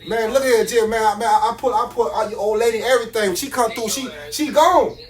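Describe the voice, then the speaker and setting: A man's voice: sits high, fairly even intonation, fast talker. A man hypes his wares on a phone live stream, boastful and full of slang. He circles back to the same lines again and again, with faint music behind him. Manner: boastful, slangy, repetitive hype. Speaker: live-stream jewelry seller. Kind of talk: casual live-stream hype talk.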